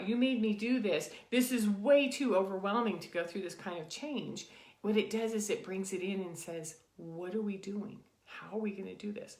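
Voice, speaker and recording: A woman in her sixties hosting a reflective self-help video, talking earnestly about inner child work and dropping soft and quiet when she guides. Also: fairly low pitch, reverberant. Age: late 50s to 60s. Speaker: spiritual coach and video host. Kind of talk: casual reflective talk to camera.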